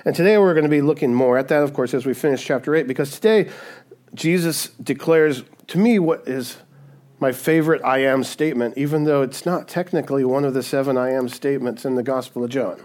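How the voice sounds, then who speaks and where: Speaking a little fast at medium pitch, this man preaches as a pastor in a chatty, conversational style. He frequently asks "right?" and brings quotations to life by acting out the voices.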